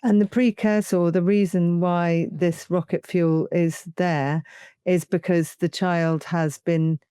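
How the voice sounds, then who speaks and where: A woman hosts the interview with a mellow, smooth voice. She asks thoughtful questions and sums up the points her guest makes. The recording is close and dry. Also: lowish voice, steady tone, slow pace, no room sound. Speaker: interview host. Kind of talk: conversational interview.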